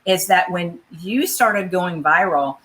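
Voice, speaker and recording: A woman hosting an interview show, chatting in an expressive way and acting out quotes. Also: on the low side, slow pace. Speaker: show host. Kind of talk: casual interview chat.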